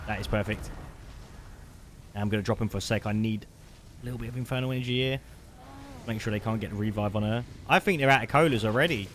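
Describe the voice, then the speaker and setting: A man giving live commentary over his gameplay, chatty and excitable, calling the listener mate. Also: medium pitch. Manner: excitable, bursts into loud shouts at big plays. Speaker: gaming streamer. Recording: noisy background.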